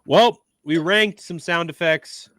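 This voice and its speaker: A man's voice: on the high side, takes it slowly, a bit bright, no echo. A young man co-hosting a podcast, chatting casually and tripping over his words. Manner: rambling, trips over words. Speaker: podcast co-host. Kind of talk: casual chat.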